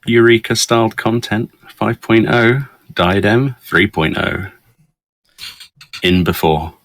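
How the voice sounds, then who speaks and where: A man's voice: on the low side, slow, fairly bright tone, no room sound. A man joining a casual gaming podcast as a guest, making dry, wry remarks.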